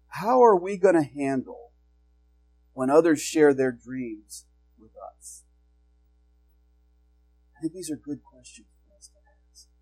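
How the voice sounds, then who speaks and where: A man's voice: high voice, rough recording. A male pastor preaching a sermon in an earnest, exhorting way, asking his congregation questions.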